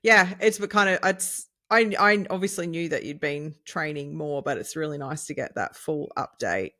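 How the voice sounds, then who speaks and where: A woman's voice: deep voice, normal speed, bright, forceful tone. A woman co-hosting a nutrition podcast, chatting in an encouraging way and laughing often. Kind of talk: casual chat.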